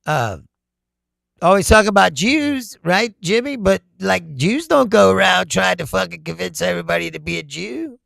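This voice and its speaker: A man's voice: high voice, sing-song, moderate pace, creaky, a bit bright, dry recording, clean studio sound. An American man hosting a casual political livestream, reading chat comments aloud, swearing freely and laughing often. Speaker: livestream host.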